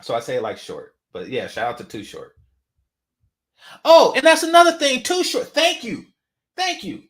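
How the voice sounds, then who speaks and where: Animated, mocking man ranting. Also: high voice, moderate pace, long pauses. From San Francisco Bay Area. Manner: animated, mocking, profane, repeats phrases. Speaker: commentary channel host. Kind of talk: casual monologue commentary.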